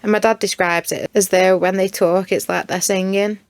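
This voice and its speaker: A woman's voice: mid-range voice, steady tone, moderate pace. A woman with a Stoke accent narrating in a giggly, chatty way. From Stoke-on-Trent, England. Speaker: documentary narrator. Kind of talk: casual narration.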